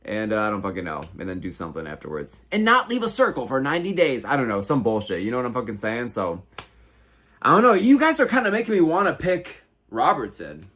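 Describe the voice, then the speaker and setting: Animated, swearing American man streaming. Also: medium pitch, fast. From United States. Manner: heavy casual swearing, slangy and animated. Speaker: livestream host. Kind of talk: casual livestream chat reading viewer comments.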